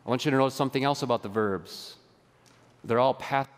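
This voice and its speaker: A man preaching a sermon as pastor, lively and conversational, drawing the congregation into a call-and-response exercise. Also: mid-range voice, brisk, in a large hall. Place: church sanctuary.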